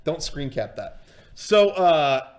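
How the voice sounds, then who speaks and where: A man's voice: a little high, big pitch swings, slow. A man casually telling a story on a livestream, swearing freely and full of fillers and restarts. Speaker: streamer and storyteller.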